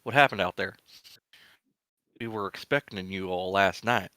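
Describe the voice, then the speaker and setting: A man's voice: deep voice, moderate pace, pushed and bright, clear, resonant tone, dry recording. Man voicing a concerned town governor. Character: concerned middle-aged male town governor.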